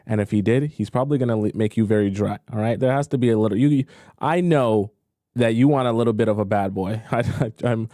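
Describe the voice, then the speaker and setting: Mellow-voiced man giving chatty dating commentary. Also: fairly low pitch, fairly quick, no echo, clean studio sound. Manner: playful, chatty, teasing asides. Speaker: dating coach reacting to clips. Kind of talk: casual commentary.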